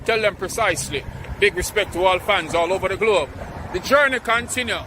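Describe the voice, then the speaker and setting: A man films an upbeat outdoor vlog beside a city trail, his voice fairly high for a man. He sounds promotional and chatty, and faint traffic hums behind him. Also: fairly quick. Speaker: vlogger.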